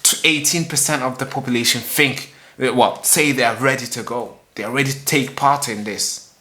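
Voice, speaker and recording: A man's voice: mid-range voice, normal speed, pushed and bright. A man hosting a solo commentary show, talking emphatically, repeating himself with many fillers and restarts. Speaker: host.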